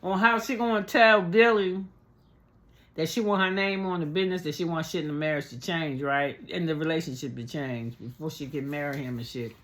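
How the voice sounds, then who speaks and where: A woman vlogger recapping a reality show in casual, profane storytelling, animated and chatty, acting out what people said. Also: low voice, fairly quick. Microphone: on camera, speaking to viewers.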